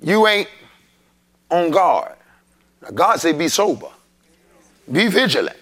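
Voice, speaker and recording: Pastor, man, high and bright, slow call-and-response sermon delivery. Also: very animated. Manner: preachy, call-and-response, rising to shouts. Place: church sanctuary.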